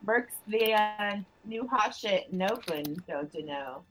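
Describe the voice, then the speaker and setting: A woman's voice: mid-range voice, lively intonation, slow pace, fairly bright tone, slight background noise, rough recording. A woman playing a tabletop role-playing game, speaking in character in a dry, sardonic manner. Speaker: player.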